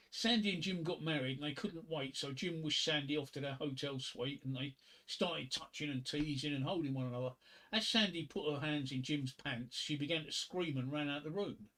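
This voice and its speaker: A man hosting a livestream, telling crude jokes and reading poetry in a rambling, halting way with many fillers and restarts. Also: fairly high pitch, fairly bright tone. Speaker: livestream host.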